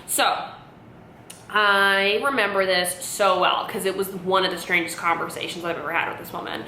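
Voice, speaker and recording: Bright-voiced woman rambling through a storytime. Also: medium pitch, moderate pace, a little hiss or hum. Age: late 20s. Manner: rambling, many "like" fillers, animated retelling. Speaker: vlogger. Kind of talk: casual storytime monologue. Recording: roomy, echoey room.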